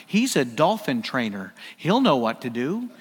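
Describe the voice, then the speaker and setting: A man's voice: mid-range voice, sing-song, measured pace, long reverb tail, voice pushed down. A man voicing a meek old man who stammers and hesitates in a told joke. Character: frail, flustered old man, meek and polite.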